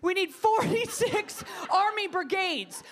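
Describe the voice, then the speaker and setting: A woman's voice: very high voice, lively intonation, takes it slowly, fairly bright tone, voice pushed up, heavily acted. A woman comedian impersonating a furious female politician who screams clipped declarations on a comedy club stage. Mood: shouting.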